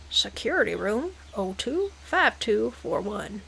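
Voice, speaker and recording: A woman's voice: on the high side, sing-song, slow, vocal fry, fairly bright tone, slight background noise. A woman gamer giving playful, dramatic let's-play commentary. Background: game music.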